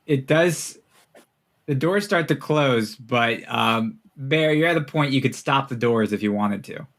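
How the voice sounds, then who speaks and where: A man's voice: mid-range voice, a little slow, fairly bright tone. A young man runs a tabletop game in a loose, casual way. He narrates with plenty of fillers and laughs easily between lines. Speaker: game master.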